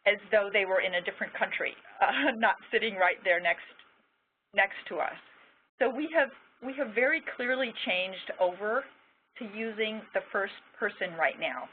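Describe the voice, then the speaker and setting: A woman's voice: mid-range voice, moderate pace. A woman giving an encouraging, casual training lecture to interpreters. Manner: warm-hearted, encouraging, casual with fillers. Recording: tinny phone-like line with faint noise.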